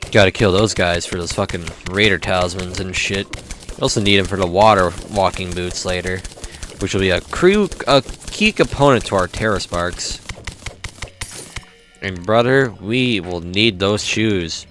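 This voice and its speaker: A man's voice: low-pitched, measured pace, long pauses, a bit bright, slight background noise. A young man casually commenting while playing a video game, swearing often and grumbling at the game. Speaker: gaming YouTuber. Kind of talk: casual let's-play commentary.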